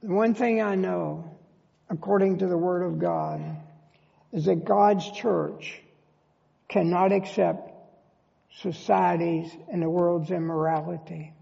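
A man's voice: high voice, fairly even intonation, slow, gravelly, warm tone. A male pastor preaching a sermon in a church, emphatic and full of rhetorical questions. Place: church sanctuary. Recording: long church reverb, dull lo-fi sound.

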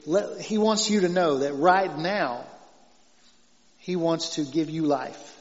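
A man with a Southern accent preaching a conversational sermon as pastor, growing loud and emphatic as he quotes scripture, often chuckling. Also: a little high, slow pace. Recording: dull long reverb, lo-fi church hall.

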